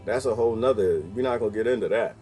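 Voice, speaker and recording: A man's voice: lowish voice, very fast, dark tone, soft background music. A man hosting his own video, talking in a rambling, wry casual monologue and laughing often. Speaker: video host.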